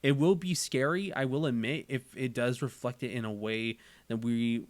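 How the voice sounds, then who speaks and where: A man's voice: medium pitch, fairly even intonation, moderate pace, dry recording. A man hosting a casual chat, talking earnestly and repeating phrases as he works through his thoughts. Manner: earnest, repeats phrases while thinking aloud. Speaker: channel host.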